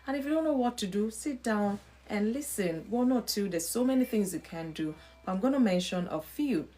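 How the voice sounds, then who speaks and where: A woman with a medium-pitched, dark voice speaks a little fast with lively intonation. Hosting a live stream, she delivers an earnest faith-based talk, repeating her points, posing rhetorical questions and greeting viewers by name.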